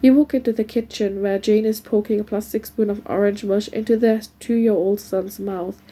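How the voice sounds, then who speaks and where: A woman's voice: mid-range voice, steady tone, normal speed, warm tone, rough recording. A woman reading an extract from a novel aloud, narrating steadily in the first person and lightly voicing the dialogue.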